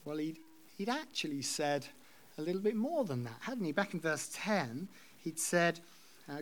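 A man's voice: on the high side, big pitch swings, moderate pace. A man preaching a sermon, reading scripture aloud and explaining it in a conversational way. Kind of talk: expository sermon.

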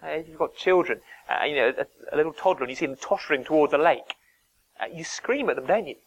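A man's voice: a little high, fast talker, dull audio. A man preaching a sermon, earnest and emphatic, dropping to near-whispers to stress a point.

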